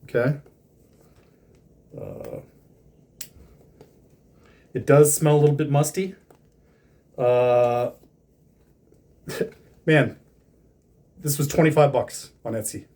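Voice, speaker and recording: A man's voice: mid-range voice, big pitch swings, slow, pauses often, warm tone. A man casually talking through an unboxing of hats, rambling with lots of fillers and restarts.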